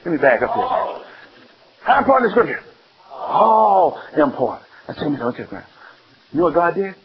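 A man from Alabama, preaching an animated sermon full of questions to his listeners. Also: sits high, measured pace, pauses often. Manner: animated, call-and-response, exclaiming. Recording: dull lo-fi sound.

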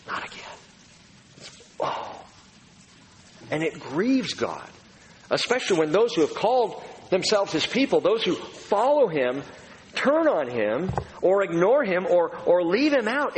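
Animated male preacher in an echoing hall. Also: on the high side, slight background noise. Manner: animated preaching, dramatizes quoted voices. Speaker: pastor. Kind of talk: sermon. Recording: reverberant hall, faint room ambience.

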